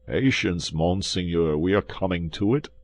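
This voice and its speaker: A man's voice: deep voice, normal speed, dry recording. A man voicing a frightened innkeeper who pleads in a trembling, pitiable voice. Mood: anxious.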